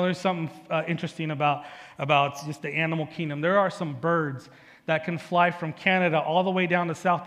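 A male pastor giving a sermon in a conversational, storytelling way, often checking in with the congregation with a quick "right?". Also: a little high, a bit bright, long reverb tail. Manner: conversational preaching with personal stories and frequent "right?". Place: church sanctuary.

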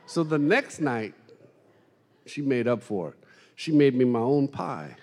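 A man preaching a sermon, telling funny stories in an animated, self-deprecating way to a congregation. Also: medium pitch, a little slow. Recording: long hall reverb.

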